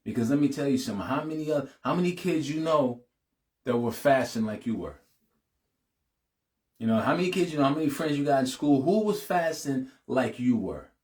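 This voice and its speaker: A man's voice: mid-range voice, lively intonation, fairly quick, darkish tone. A middle-aged man hosting a heartfelt, casual talk to his audience. He keeps saying "man" and "you know what I'm saying", and his voice rises and speeds up when he urges his listeners. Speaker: channel host addressing his audience.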